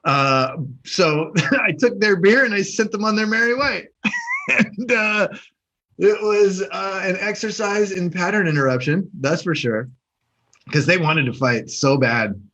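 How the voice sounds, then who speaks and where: Animated high-voiced male storyteller. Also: unhurried, a little hiss or hum, low-quality recording. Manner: animated, swearing, acts out voices in his story. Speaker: podcast co-host. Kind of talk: casual storytelling.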